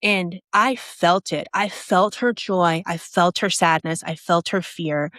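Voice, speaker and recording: A woman's voice: lowish voice, takes it slowly, fairly bright tone, no echo, studio quality. A woman telling a personal story as a podcast guest, animating it by acting out other people's lines and her own reactions, in a casual, restart-filled way. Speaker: podcast guest, app founder.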